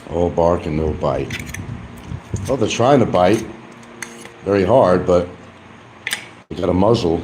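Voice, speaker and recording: A man's voice: deep voice, unhurried, pauses often, noisy background. A man talking casually on a livestream, blunt and combative, with rambling asides. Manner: eating while talking at times.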